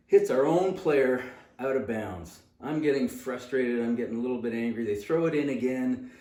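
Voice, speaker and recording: A man's voice: medium pitch, dark tone. A man in his sixties, host of a fitness channel, tells a personal story in an earnest, conversational way and repeats words for emphasis. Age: 60s. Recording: roomy sound from a distance.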